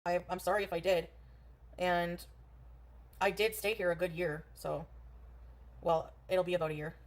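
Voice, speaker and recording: A woman livestreaming from her phone while riding a scooter outdoors, rambling in casual chat and talking loudly over traffic. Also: fairly low pitch, fairly even intonation, moderate pace.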